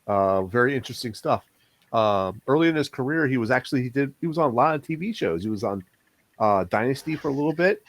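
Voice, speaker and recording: A man's voice: mid-range voice, animated, quick pace. A man co-hosting a casual podcast chat, sharing facts hesitantly with many fillers. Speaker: podcast co-host.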